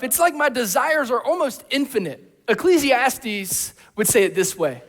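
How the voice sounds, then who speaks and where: A man preaching a sermon, acting out voices, going from shouts to hushed tones. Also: very high voice, sing-song, unhurried, few pauses. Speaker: pastor. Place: church hall. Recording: long hall reverb.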